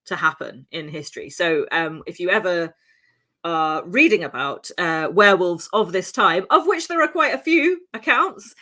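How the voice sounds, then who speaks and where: A woman's voice: fairly low pitch, lively intonation, moderate pace, bright, forceful tone. A woman hosting a podcast, telling a true-crime story in a casual, chatty way with many asides and fillers.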